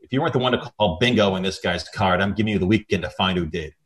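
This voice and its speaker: A man's voice: deep voice, fast, lightly acted. A man voicing a tough, crooked 1930s police lieutenant who talks in hard-boiled slang. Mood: threatening.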